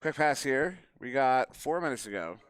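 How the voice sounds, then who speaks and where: A man's voice: medium pitch, lively intonation, moderate pace, a bit bright, clean tone, dry recording, studio quality. A man casting a live esports match, calling plays and chatting off-hand between them. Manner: chatty, jokes with people in the room between calls. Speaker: esports caster. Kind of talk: live esports play-by-play commentary. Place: live event venue.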